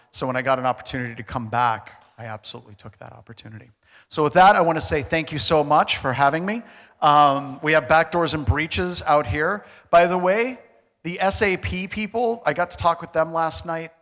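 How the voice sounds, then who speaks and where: A middle-aged American man telling a comic story on a conference stage, casual and animated, with slang and mild swearing. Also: mid-range voice. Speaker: conference speaker. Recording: reverberant conference hall.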